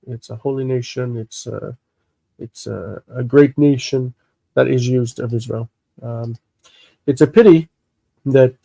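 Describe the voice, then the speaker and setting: Man, teacher, stuffy sinuses, slow halting delivery, mellow tone, dry sound. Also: medium pitch, vocal fry, dry recording, rough recording. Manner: slow, halting, thinking aloud with many fillers. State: congested sinuses. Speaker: Hebrew teacher. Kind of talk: explaining Bible text on a livestream.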